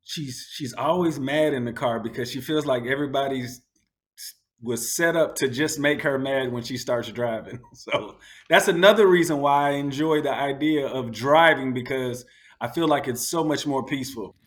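A man telling stories in a relaxed conversation, acting out the people he quotes in a raised, excited voice. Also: mid-range voice, normal speed. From United States. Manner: animated, acts out quotes in a raised voice. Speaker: guest. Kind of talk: casual storytelling.

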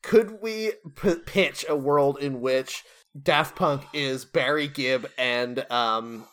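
A man's voice: medium pitch, slow pace, fairly bright tone, clean tone. A man co-hosting a comedy podcast, riffing casually and laughing, thinking aloud with fillers. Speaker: podcast co-host.

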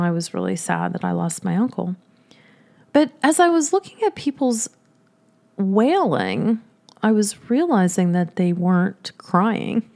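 A woman's voice: mid-range voice, vocal fry. Woman laughing through a funny story. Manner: animated, laughs often while telling. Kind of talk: humorous personal storytelling.

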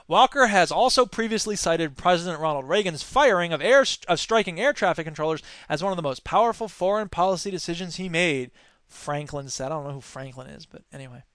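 Guy hosting a news podcast, snarky asides, smooth crisp voice, dry close sound. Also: high-pitched, normal speed, dry recording. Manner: sarcastic, animated asides. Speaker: podcast host.

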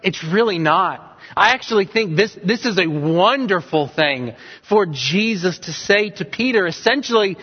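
A man's voice: sits high, expressive, unhurried, breathy edge. A male pastor preaching an earnest sermon, driving points home with repeated questions. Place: church sanctuary. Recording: dull sound with long hall reverb.

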